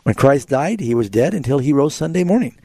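A man's voice: medium pitch, animated, brisk, mellow, no room sound. A man hosting a call-in Bible radio program, earnestly explaining scripture to callers. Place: radio studio.

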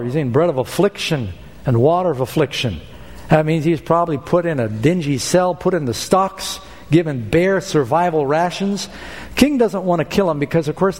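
A man's voice: a little high, darkish tone, long reverb tail. A male pastor preaching a sermon, explaining a scripture passage and acting out the lines of the people in it. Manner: expository preaching, acting out quoted speech.

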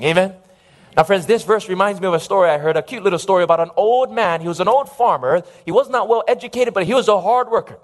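A male preacher delivers a sermon in a high voice. He speaks emphatically and stops often to call out for an amen from his listeners. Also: fast. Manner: emphatic, calls for audience amens.

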